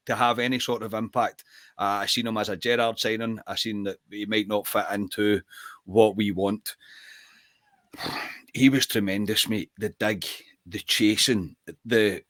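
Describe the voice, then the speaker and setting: A man's voice: on the low side, fairly bright tone, no room sound, studio quality. A man hosting a football podcast, talking earnestly and building with enthusiasm as he praises players. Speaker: podcast host. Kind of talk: casual football chat.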